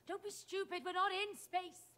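A woman voicing a brisk, condescending mother in a video game. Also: very high voice, little pitch movement, a bit bright. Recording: game audio with music.

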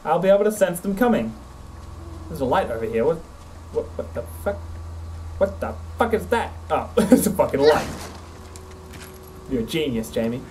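This streamer's voice is fairly high, a little mellow, and sing-song, moving at normal speed but broken by long pauses. He cusses and jumps while playing a horror game and talking to his companion over a desk mic and face cam. The low-quality recording has slight background noise.

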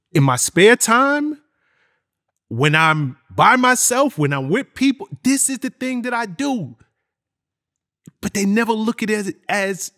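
A man hosting an interview, reflecting earnestly and speaking straight to the listeners. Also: sits high. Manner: earnest, emphatic, addresses listeners directly. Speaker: interview host.

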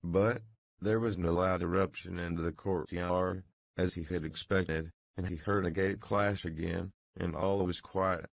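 A man reading an audiobook as narrator in a measured, deliberate way. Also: low-pitched, fairly even intonation, gravelly, dry recording. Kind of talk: scripted narration.

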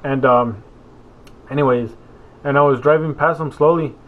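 A young man rambles through a casual vlog, his speech full of fillers and self-corrections. His voice is medium-pitched at a moderate pace, and the sound is narrow, like a phone.

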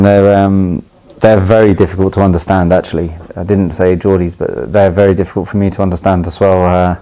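Relaxed low-voiced London man. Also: poor audio. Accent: London English. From England. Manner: relaxed, chatty, laughs easily, many ums and restarts. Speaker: footballer. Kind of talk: casual explanation of slang to camera.

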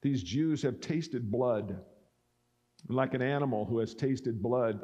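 A man's voice: medium pitch, takes it slowly, dark tone. A male pastor preaching a sermon, reading scripture and acting out the speakers' lines. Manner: expository preaching that acts out speakers' words.

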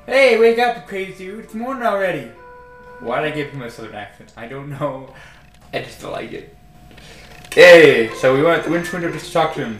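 A man's voice: medium pitch, a bit bright. A young man chatting casually while playing a video game, rambling and correcting himself as he goes. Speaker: let's play gamer. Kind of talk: casual gameplay commentary. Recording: roomy echo.

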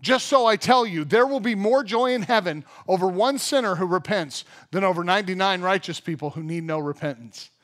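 A male pastor with a high voice preaches to his church. He tells funny everyday stories and acts out the people in them, then moves into the scripture. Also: brisk, hardly any pauses. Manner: animated storyteller, acts out funny everyday scenes. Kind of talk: sermon. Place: church service.

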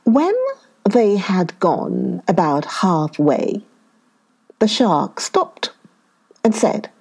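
Very slow, lilting female storyteller. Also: medium pitch, very animated, a little mellow, slightly rough. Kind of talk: children's story reading.

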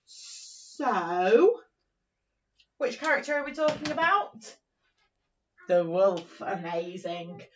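Slow, sing-song woman teaching phonics. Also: medium pitch, big pitch swings, slight background noise. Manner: encouraging, slow and sing-song, sounding out words. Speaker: primary teacher. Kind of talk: phonics lesson for young children. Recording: dull, slightly distant recording.

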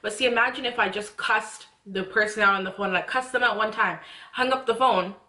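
A woman's voice: medium pitch, fairly quick, pushed and bright. A young woman talking earnestly and casually about faith, often restarting and rising into heartfelt prayers. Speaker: faith vlogger. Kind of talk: casual faith talk to camera. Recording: echoey room.

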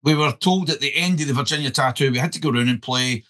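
A man's voice: mid-range voice, quick pace. A Scottish man hosting a podcast, chatting casually and telling stories with lots of animation. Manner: animated storyteller, keeps saying "listen". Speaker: podcast host.

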